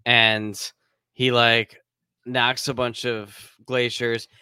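A man's voice: mid-range voice, drawn-out words, clear, resonant tone. A man co-hosting a podcast, casually recapping a movie plot with jokes. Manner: recaps the plot, relaxed and joking. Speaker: podcast co-host.

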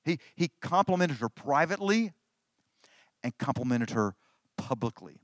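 Pastor preaching in a dry close voice. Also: male voice, medium pitch, sing-song, normal speed, no room sound. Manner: conversational preaching with repeated restarts and emphatic phrases. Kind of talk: sermon.

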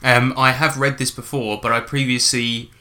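A man's voice: mid-range voice, level tone, normal speed, pushed and bright. A man co-hosting a tabletop gaming podcast, chatting casually in a jokey, sweary, rambling way. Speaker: podcast co-host. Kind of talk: casual chat.

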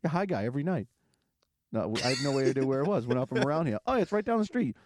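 A man's voice: mid-range voice, very animated, quick pace, darkish tone, natural voice. A pushy chatty woman greeter, as a man puts her on. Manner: insistent, repetitive, brassy.

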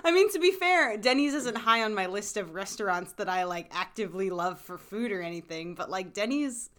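A woman in relaxed podcast banter whose pitch swings animatedly from phrase to phrase. She talks loosely with plenty of "like" fillers and laughs readily, keeping it conversational. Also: fairly quick. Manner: chatty, laughs often, many "like" fillers. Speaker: podcast co-host. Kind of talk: casual chat recapping a TV drama.

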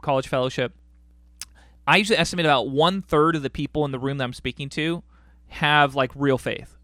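A man hosting a podcast interview, explaining his view in a relaxed, measured way. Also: a little high, dry recording. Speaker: podcast host. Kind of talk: casual conversational interview.

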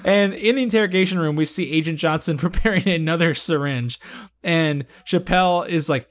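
A man's voice: on the high side, a little fast. A man hosting a podcast, casually recapping a TV episode and acting out lines with laughter. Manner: animated storytelling, acts out quotes with laughter. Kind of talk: casual chat.

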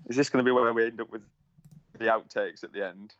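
A man co-hosting at a plain mid pitch, wry and teasing and quick to laugh. His voice comes through on a slightly dull, lo-fi recording. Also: steady tone. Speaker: podcast co-host. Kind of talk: casual chat. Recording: dull lo-fi sound.

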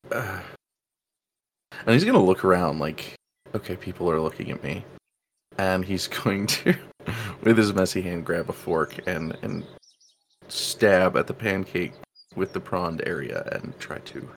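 A young man speaks low and gravelly while he plays his character at a tabletop game. He hesitates, fills gaps with ums and laughs, and a faint hiss of background noise sits under his voice. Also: measured pace, pauses often. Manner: hesitant, laughing, many fillers. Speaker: tabletop player.

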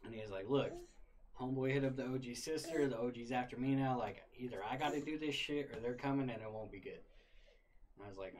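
A man's voice: medium pitch, quick pace, slight background noise. A young man casually retelling a wild story, full of swearing and laughter. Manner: profane, animated, laughing retelling.

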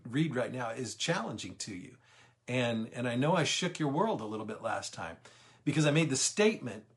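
A middle-aged man leading a livestreamed Bible study, emphatic, slowing down on key words and greeting viewers as they join. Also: mid-range voice.

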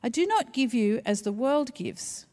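Slow, measured woman reading scripture. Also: on the high side, lively intonation, warm tone. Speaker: scripture reader. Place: church. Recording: church hall reverb.

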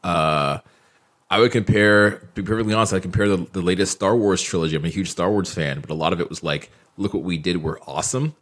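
A man's voice: low-pitched, a little fast, fairly bright tone. A man in a casual podcast conversation, reflective and rambling, with lots of "like" and "you know.". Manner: reflective, rambling with many fillers.

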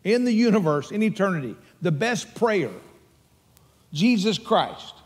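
A man's voice: high voice, expressive, unhurried, long reverb tail. An older man with a Texan accent preaching a sermon as pastor, earnest and emphatic as he tells stories.

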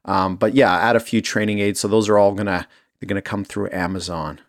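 A man with a lowish voice chats casually on a podcast, easygoing and a bit hesitant as he talks. The sound is dry and close, with no room around it. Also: steady tone, a little fast, no echo. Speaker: podcast co-host. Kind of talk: casual chat.

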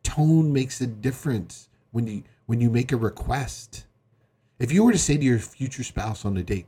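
Husky-voiced man preaching earnestly. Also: medium pitch, lively intonation, normal speed, warm tone. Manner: earnest, emphatic preaching with acted-out quotes. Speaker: pastor. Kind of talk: sermon.

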